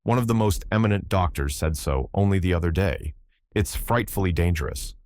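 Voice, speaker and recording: A male narrator voicing a wry, easygoing young gentleman with a dry, teasing way of talking. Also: low voice, brisk, no echo, close to an everyday voice.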